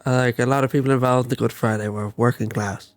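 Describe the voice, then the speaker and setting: A man's voice: mid-range voice, fairly even intonation, fast talker, no echo. Wry, blunt man in casual chat. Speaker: podcast co-host.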